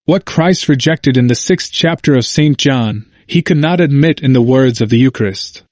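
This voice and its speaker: Dry, measured male audiobook reader. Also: mid-range voice, darkish tone, no echo. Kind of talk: scripted narration of a history book.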